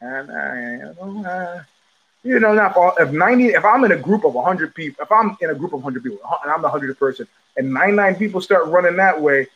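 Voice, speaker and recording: A man's voice: on the high side, expressive, fairly bright tone, highs cut off. Rambling, stammering middle-aged male host. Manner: digressive, stammering restarts, profane, quick laughs. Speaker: podcast host. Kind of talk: rambling live-stream monologue. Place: home.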